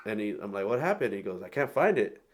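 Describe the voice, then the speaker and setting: A man hosting a casual podcast interview, telling stories in relaxed skater slang and acting out the people he quotes. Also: on the low side, fast, a little hiss or hum. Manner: laid-back skater slang, animated storytelling with acted quotes. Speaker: podcast host.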